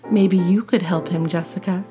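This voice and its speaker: Woman doing a snobbish rich society mother, made-up posh accent, slow drawn-out lines, storybook reading. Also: on the low side, steady tone, mellow, faint music behind, close to an everyday voice. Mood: snooty, scheming. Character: snobbish wealthy middle-aged society mother.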